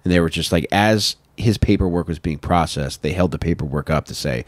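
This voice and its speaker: A man's voice: deep voice, a little fast, hardly any pauses, no echo. A young man hosting a podcast, telling a true-crime story in a laid-back, profane way and laughing often. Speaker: podcast host.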